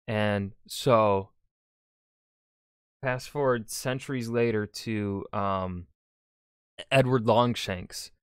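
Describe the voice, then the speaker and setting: A man's voice: fairly low pitch, clean tone, no echo, studio quality. A man, a historian, reacting casually to a video with loose, filler-heavy talk.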